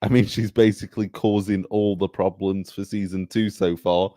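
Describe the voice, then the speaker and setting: Male guest, low warm voice, casual chat, easy laugher, dry recording. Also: fairly even intonation, normal speed, no echo. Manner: laughs easily, agreeable. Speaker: co-host guest.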